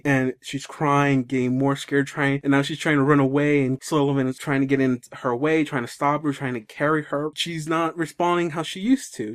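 A young man retells a film in a loose, rambling way, stumbling over restarts. His voice sits in a middle pitch. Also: steady tone, moderate pace, few pauses. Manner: rambling, many fillers and restarts. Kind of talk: casual chat, retelling a movie.

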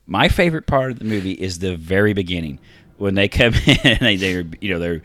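A man with a fairly low voice chatting loosely on a podcast. He laughs a lot and slips into quoted movie lines as he tells a scene. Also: lively intonation, fairly quick, fairly bright tone. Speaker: podcast co-host. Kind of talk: casual chat.

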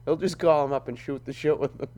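A man's voice: fairly high pitch, steady tone, fast, a little mellow, muffled recording. A man in casual chat, swearing freely, laughing often and breaking into impressions.

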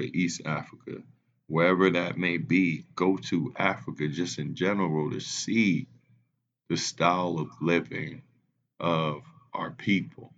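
Young man, unhurried and low, animated storyteller who laughs easily. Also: highs cut off. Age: 20s. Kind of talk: casual podcast chat.

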